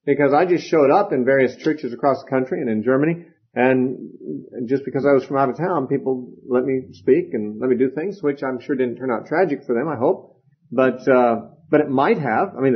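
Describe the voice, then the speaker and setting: A man teaches a Bible lecture in a loose, conversational way, repeating words and pausing with fillers. His voice is husky and of middling pitch. The recording sounds dull and lo-fi. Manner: conversational, with frequent fillers and restarts.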